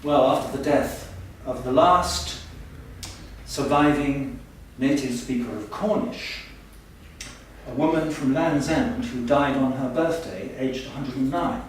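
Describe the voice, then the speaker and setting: A man's voice: medium pitch, takes it slowly, slight background noise, lightly acted. A man playing a pompous, boastful male language professor in a stage comedy sketch, heard from far off in an echoey hall. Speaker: comic stage performer.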